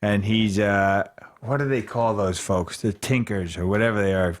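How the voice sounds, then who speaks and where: A young man as a guest on a casual talk show, relaxed and quick to answer. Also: fairly low pitch. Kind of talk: casual podcast chat.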